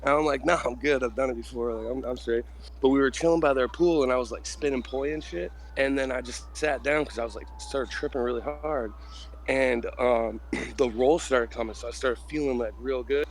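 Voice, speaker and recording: A man's voice: medium pitch, fairly even intonation, normal speed, slight background noise. A young man telling a long story in casual group chat, rambling with lots of "like" and swearing. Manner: rambling, heavy use of "like" and swearing.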